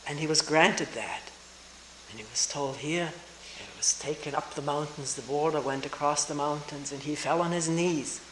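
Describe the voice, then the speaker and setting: Older woman, reflective talk on hissy tape. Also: sits low. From Germany. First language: German. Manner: slow, thoughtful, pausing, soft laughs. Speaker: retreat teacher. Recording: roomy old tape with hiss.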